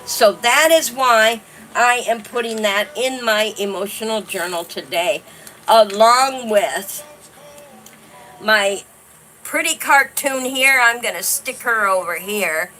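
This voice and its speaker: Woman, slow unhurried talk, bright forward tone, chatty livestream host. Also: a little high, a little hiss or hum. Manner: chatty, warm, reads viewer comments aloud. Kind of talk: casual livestream chat.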